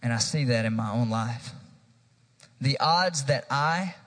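Husky preacher in a reverberant hall. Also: male voice, mid-range voice, measured pace. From Tennessee, USA. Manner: energetic preaching, addressing the congregation directly. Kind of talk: sermon. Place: church sanctuary.

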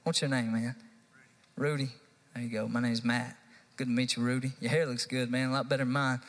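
A youth pastor from the United States delivers a live sermon to his congregation, building up to emphatic, repeated lines. His voice sits in the mid range, with a level tone and a brisk pace. The church sanctuary gives the recording a long hall reverb.

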